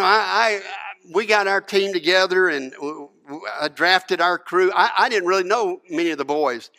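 A middle-aged man preaches in a relaxed, storytelling way, doubling back on his words and dropping in asides. His voice sits a little high and sounds bright and forceful. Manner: folksy, conversational, many restarts and asides. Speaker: pastor. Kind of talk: sermon with personal storytelling.

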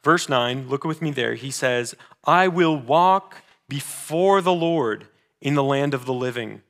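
A man preaching a sermon as pastor, earnest, moving between emphatic declarations and hushed, slower readings of scripture. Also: medium pitch, expressive. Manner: reads scripture slowly and deliberately.

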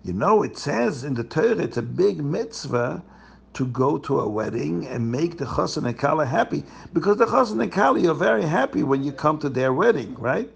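A man's voice: fairly high pitch, very animated, normal speed, gravelly, breathy edge, heavily acted. A man voicing a pious traveling rabbi who speaks earnestly.

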